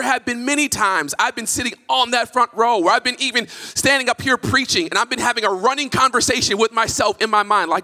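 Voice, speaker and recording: A male pastor preaching a sermon in a church, impassioned and emphatic, building to near-shouts. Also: very high-pitched, brisk, few pauses. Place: church sanctuary. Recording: reverberant church hall.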